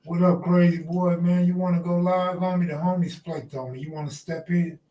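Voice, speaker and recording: A man's voice: high voice, level tone, moderate pace, dark tone, roomy sound, far from the mic. A man hosting a casual live stream, joking loosely with his chat and laughing often. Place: outdoors near the ocean.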